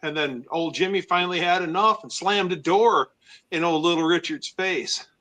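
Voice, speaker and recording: A man's voice: high voice, moderate pace, bright, forceful tone. A man hosting a live stream, telling rambling stories and acting out the quotes. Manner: rambling storyteller, acts out quotes. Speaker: host. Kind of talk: casual live-stream chat.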